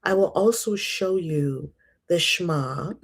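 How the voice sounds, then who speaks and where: Animated middle-aged woman chatting on a livestream, kinda low voice, laughs a lot. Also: slow, creaky. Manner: chatty, animated, laughs often, breaks into recitation. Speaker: host reading and discussing scripture. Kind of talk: casual livestream talk.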